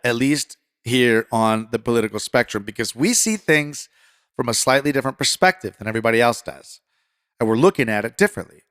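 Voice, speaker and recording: Guy doing a political podcast, mid pitch, super dry close mic, chatty and a bit fired up. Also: no room sound. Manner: conversational, fired-up then calm reassurance. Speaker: podcast host.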